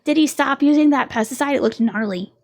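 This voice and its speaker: A woman's voice: high-pitched, brisk. A young woman streaming a game, chatting casually, laughing often and reading game dialogue aloud. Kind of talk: casual let's-play chat.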